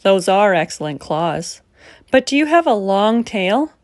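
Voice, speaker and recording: A woman's voice: mid-range voice, big pitch swings, measured pace, dry recording, clean studio sound. A woman voicing a fussy, earnest young boy talking to monsters at bedtime.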